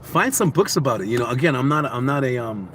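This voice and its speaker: A man vlogging casually, giving motivational life advice in animated, repetitive storytelling. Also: mid-range voice, quick pace, slight background noise.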